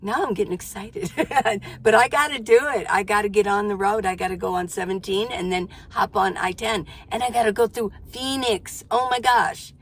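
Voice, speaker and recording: A woman's voice: mid-range voice, moderate pace, hardly any pauses, slightly rough. Chatty older woman vlogging. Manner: chatty, self-interrupting, exclamatory. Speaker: van life vlogger. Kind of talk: casual chat to camera. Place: inside her minivan.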